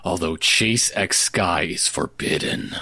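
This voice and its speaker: A co-host of a comedy podcast delivering deadpan one-liners. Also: deep voice, takes it slowly, husky.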